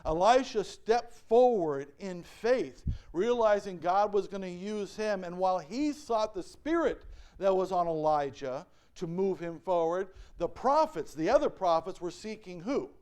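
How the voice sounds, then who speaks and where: A man's voice: high-pitched, expressive, measured pace, a little mellow, clean tone. A male pastor preaching a sermon and reading scripture aloud. He often asks the congregation questions and acts out the voices he quotes. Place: church.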